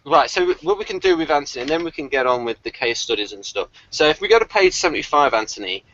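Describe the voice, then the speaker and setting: A man hosting a casual group video-call chat, animated and quick to laugh, who likes trying out accents. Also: on the high side, highs cut off, a little hiss or hum. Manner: animated, laughs often, tries accents for fun. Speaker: channel host.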